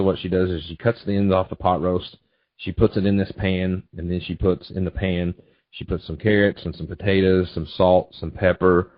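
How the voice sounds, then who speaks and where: Folksy low-voiced man teaching traders. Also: no room sound, dull audio. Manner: folksy storytelling, repetitive asides. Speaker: trading educator. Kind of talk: webinar presentation.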